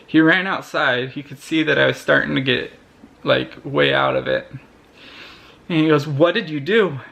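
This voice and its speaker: A young man vlogger telling a personal story to camera in an earnest, halting way, often restarting his sentences. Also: mid-range voice, fairly even intonation, creaky, bright, forceful tone.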